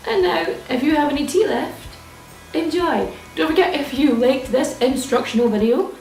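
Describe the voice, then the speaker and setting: A young woman with a high voice talks through a jokey how-to vlog in a mock-serious, know-it-all manner. She sits a little off the mic in an echoey room, with faint music playing underneath. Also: darkish tone, distant mic. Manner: playful, mock-serious and self-assured. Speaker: vlogger. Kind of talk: mock-instructional comedy vlog.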